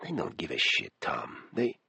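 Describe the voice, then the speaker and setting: A male narrator puts on a fond, teasing woman in her thirties with a light Eastern European accent. She talks bluntly, dropping small words. The voice is husky and close, with no room sound, as in a storybook audiobook. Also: a bass voice, wildly swooping pitch, moderate pace, bright, forceful tone, dry recording, voice pushed down, heavily acted. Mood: tense. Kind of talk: audiobook character voice.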